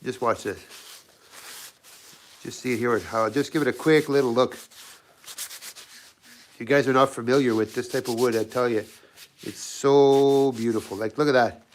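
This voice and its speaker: A man's voice made scratchy by a cold. He talks loosely through a workshop demo, often breaking off and restarting sentences. His pitch sits in a middling range for a man. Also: fairly even intonation, a little slow, pauses often. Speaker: knifemaker and channel host. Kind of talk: casual workshop livestream demo. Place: home workshop.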